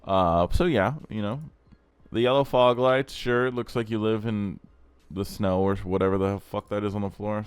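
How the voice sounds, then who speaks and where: A man's voice: on the low side, a little mellow, clean tone, dry recording. A young man hosting a car channel, giving blunt, crude, rambling casual commentary.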